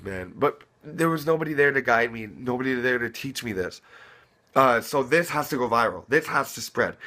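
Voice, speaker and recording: A man's voice: mid-range voice, pushed and bright. A young man giving earnest fatherly advice in casual talk to camera, repeating himself and restarting often. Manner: earnest, repetitive, many restarts.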